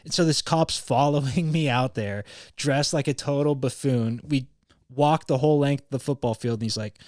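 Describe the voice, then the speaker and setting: A young man from California rambles through a story in a loose, profane podcast chat, quoting people as he goes. His voice sits at an ordinary pitch for a man. It is recorded close and dry, with no room sound. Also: moderate pace, darkish tone, dry recording. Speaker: podcast host.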